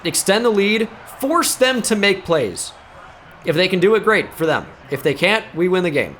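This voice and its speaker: A man hosting a gaming video, joking and commentating on his gameplay, shouting out big plays. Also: high-pitched, normal speed, slight background noise. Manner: excitable, jokey, breaks into shouted play-calls.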